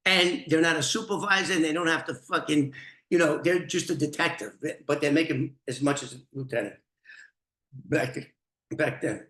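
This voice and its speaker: A middle-aged man with a New York accent telling an old story, animated and swearing freely. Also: on the high side, normal speed. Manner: animated, swearing, restarts, laughs. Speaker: storyteller, former informant. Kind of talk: casual storytelling to camera. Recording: echoey room.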